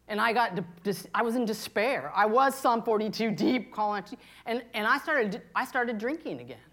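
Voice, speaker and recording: A woman in her fifties, a pastor preaching a candid, confessional sermon, moving between hushed and impassioned. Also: mid-range voice. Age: 50s.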